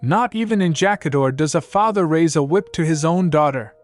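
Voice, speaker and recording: A man's voice: on the high side, a little fast, pitched above the performer's own voice, lightly acted. A man voicing a cold, commanding young grand duke who speaks in an icy, cutting tone, over faint music.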